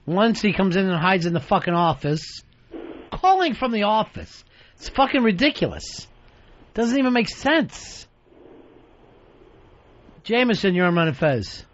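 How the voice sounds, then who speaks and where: A man's voice: sits high, very animated, measured pace, pauses often, lo-fi sound. A man hosting a talk radio show, blunt, profane and teasing as he takes calls. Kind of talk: casual talk radio banter.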